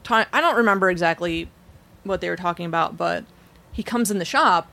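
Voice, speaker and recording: A woman's voice: lowish voice, fairly quick, vocal fry, bright, forceful tone. A young adult woman telling a story in casual chat, blunt and profane, acting out the people she quotes.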